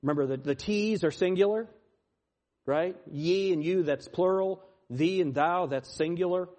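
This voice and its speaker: A man preaching a sermon in a slightly higher-pitched voice. He swings from loud, pleading lines to hushed, quiet ones, and slows right down to stress the key lines. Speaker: pastor.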